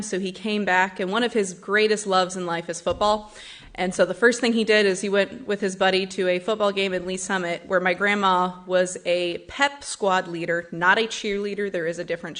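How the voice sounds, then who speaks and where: A young woman giving a personal testimony and reading scripture at a church service, in an earnest, gently conversational way. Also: mid-range voice. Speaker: church member giving a talk.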